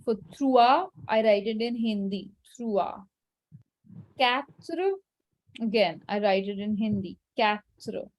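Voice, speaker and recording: A woman teaching French in an online class, patient and instructive but gently firm with her students. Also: mid-range voice, slow pace. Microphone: video call.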